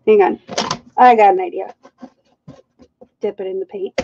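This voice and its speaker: In a gravelly, darkish mid-range voice with fairly even intonation and a moderate pace, a woman hosts a live painting stream from a carpeted art room at home. She laughs often, makes fun of herself, and chats casually with viewers, and the dull lo-fi audio carries a little hiss or hum.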